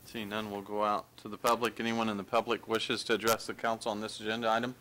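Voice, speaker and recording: A man, the mayor, chairing a city council meeting and calling on speakers in a brisk, friendly way. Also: fairly low pitch, level tone, pushed and bright. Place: council chamber.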